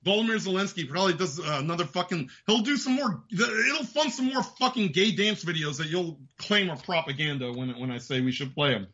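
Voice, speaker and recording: A man's voice: high-pitched, expressive, fairly quick, few pauses, sharp tone, lo-fi sound. A man hosting a show, delivering an angry, profane political rant. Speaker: host. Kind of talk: ranting political commentary.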